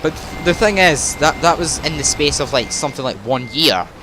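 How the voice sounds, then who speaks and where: A man's voice: fairly high pitch, animated, moderate pace. A teenage boy with a Scottish accent, rambling through casual gameplay commentary and often correcting himself mid-sentence. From Scotland. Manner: chatty, tangential, self-correcting. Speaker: gaming YouTuber. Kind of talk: rambling let's-play commentary. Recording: truck engine and traffic sounds under voice. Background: driving game sounds with reversing beeps.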